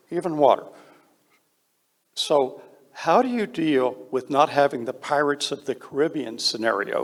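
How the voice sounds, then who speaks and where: Blunt gravelly man in a reverberant hall. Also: mid-range voice. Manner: blunt, emphatic, with many hesitations. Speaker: panel speaker on space law. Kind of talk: panel discussion.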